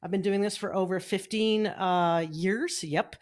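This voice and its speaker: A middle-aged woman hosts an informal Facebook Live training on online business, chatty and upbeat while fiddling with her home setup. Her medium-pitched voice is steady, a little slow, and somewhat dark in tone. The desk mic moves around during the stream.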